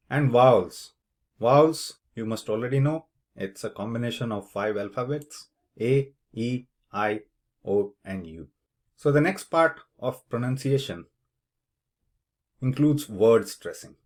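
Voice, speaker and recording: A man's voice: medium pitch, expressive, darkish tone. A man teaching as an English test tutor, explaining the speaking task step by step and saying example words aloud to show where the stress goes. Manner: slow, deliberate, demonstrates word stress aloud. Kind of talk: instructional explanation.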